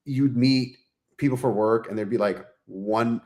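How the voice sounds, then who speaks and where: A man's voice: medium pitch, steady tone, measured pace, a little mellow. A man appearing as a guest author, chatting casually with slang and laughter. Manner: laid-back, slangy, laughing storyteller. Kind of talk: casual chat.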